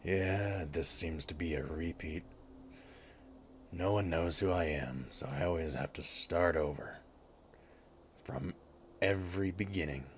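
A man doing a gruff, very deep lizard-man adventurer. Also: a little slow, pauses often, fairly bright tone, a little hiss or hum. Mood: wry. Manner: dry sarcastic asides. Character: gruff male lizard-folk adventurer, wry and joking. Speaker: streamer. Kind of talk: in-character game commentary.

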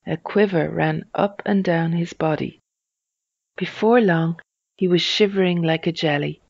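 A reader telling a children's storybook in a slow, even storytelling manner. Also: mid-range voice, vocal fry, no room sound, dull audio.

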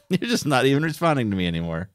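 A man's voice: medium pitch, very animated, fairly quick, dry recording, studio quality. A man co-hosting a board game show, playing along in casual banter with sarcastic, grumbling remarks. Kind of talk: casual play-through banter.

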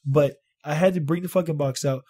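A man with a husky, somewhat high voice tells a story in loose, profane vlog style. He swears freely and exaggerates everything. His delivery is animated and casual. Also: brisk. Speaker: vlogger.

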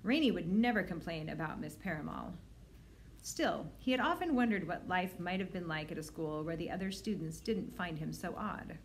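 A woman librarian reading a children's novel aloud, expressive and lively, with voices for the characters. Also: fairly low pitch, moderate pace, a little hiss or hum.

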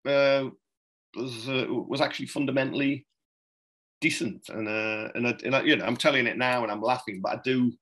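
Bright-voiced middle-aged man telling stories. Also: medium pitch, steady tone, normal speed, low-quality recording. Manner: rambling, many restarts and "you know"s, chuckles. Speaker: political journalist, podcast guest. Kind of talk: anecdotal interview chat.

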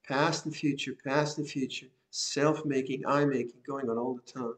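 Older man, Buddhist teacher, unhurried reflective sermon, soft chuckles, slightly raised pitch. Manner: gentle, reflective, with soft laughs and repeated phrases. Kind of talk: Dhamma talk. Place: monastery hall.

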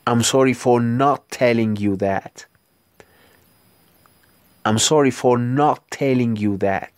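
An Ethiopian-accented man who speaks Amharic as his first language teaches English phrases to beginners. He says each phrase slowly and deliberately, then repeats it. His voice sits at an ordinary pitch and sounds close and dry, with no room echo. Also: smooth. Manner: slow, careful repetition of model phrases. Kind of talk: language lesson.

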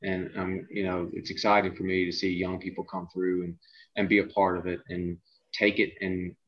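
A middle-aged man hosting a podcast over a video call, talking in a halting way with frequent "uh"s and repeated words. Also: sits low, level tone. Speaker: podcast host and coach. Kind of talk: casual podcast chat. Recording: dull lo-fi video call audio.

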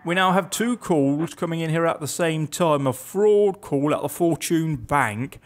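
A man's voice: a little high, unhurried. Chatty man playing a game. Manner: chatty, reads game text aloud with wry asides. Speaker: let's play gamer. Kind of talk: casual gameplay commentary.

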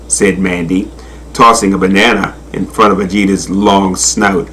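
A man reading children's animal stories aloud in an expressive voice. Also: sits low, normal speed, a little hiss or hum. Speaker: storyteller.

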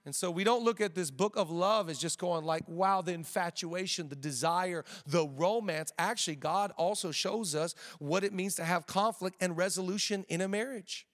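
A man with a high voice delivers a sermon in a relaxed, conversational way, often repeating himself and slipping in jokes. A long reverb from the church auditorium trails behind his words. He sounds middle-aged. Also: normal speed, few pauses. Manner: conversational preaching with repetitions and jokes. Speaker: pastor.

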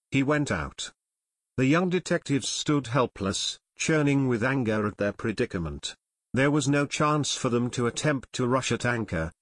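A man with a mid-range voice reads a scripted adventure audiobook in a steady, measured way. The sound is clean studio audio with no room sound.

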